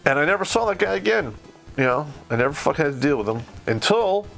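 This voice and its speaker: A man's voice: on the high side, sing-song, fast, creaky, fairly bright tone, faint music behind. A middle-aged man from Michigan telling a war story in casual, blunt, profanity-heavy podcast talk. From Michigan, USA. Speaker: podcast host.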